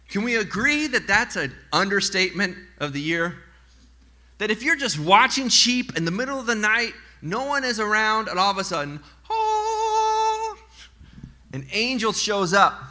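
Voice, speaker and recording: A man preaching a sermon as pastor to a congregation, animated and mixing in joking asides. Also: on the high side. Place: church in front of a congregation.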